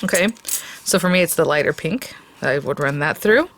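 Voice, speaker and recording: A woman's voice: sits low, lively intonation, moderate pace, a bit bright, slight background noise. Chatty woman demonstrating papercraft. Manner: chatty, talks while cutting, checks in with "okay?" and "right?"; enthusiastic, easily delighted. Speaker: papercraft tutorial host. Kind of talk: casual step-by-step craft demonstration.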